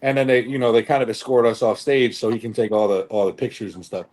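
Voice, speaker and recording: A young man, a bodybuilder and podcast co-host, races through a long, casual story, his medium-pitched voice steady and a little mellow. He rambles along with plenty of fillers and profanity.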